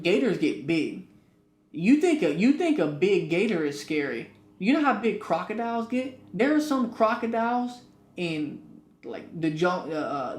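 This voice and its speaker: A man co-hosting a casual podcast, telling stories and rising loud for punchlines. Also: sits high. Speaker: podcast co-host. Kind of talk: casual chat. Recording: echoey room.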